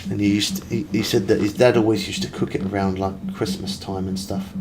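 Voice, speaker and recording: Chatty male streamer, low voice, steady hiss behind him. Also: a little fast. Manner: rambling, chatty, reads viewer messages aloud. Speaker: game streamer. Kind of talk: casual live-stream chat. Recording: steady background noise.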